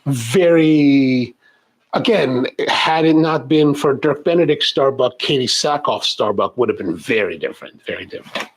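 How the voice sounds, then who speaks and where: A man's voice: mid-range voice, measured pace, breathy edge. A middle-aged man hosting a coffee channel, chatting casually and rambling through viewer questions with many restarts and asides.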